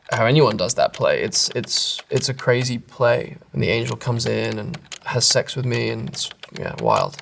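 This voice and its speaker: Gravelly-voiced Englishman musing casually. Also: mid-range voice. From England. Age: 30s. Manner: rambling, self-interrupting, laughs at himself. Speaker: actor answering internet questions. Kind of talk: casual reading and answering web comments.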